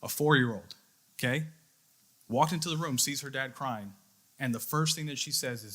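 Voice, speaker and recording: Giving a sermon, a young adult youth leader recounts a personal story earnestly, acting out his own thoughts in a quoted inner voice. His mid-range voice is bright and forceful, at normal speed with frequent pauses.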